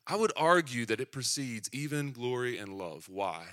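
A man's voice: mid-range voice, sing-song, moderate pace, a bit bright. A young man from Tennessee with a Southern accent, preaching a sermon that opens with a self-deprecating personal story told in a conversational way. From Southeastern United States.

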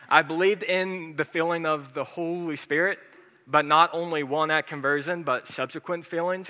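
A man's voice: mid-range voice, bright, forceful tone, long reverb tail. A man preaching a sermon in a casual, conversational way with many fillers, telling a personal story. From American South. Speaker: pastor.

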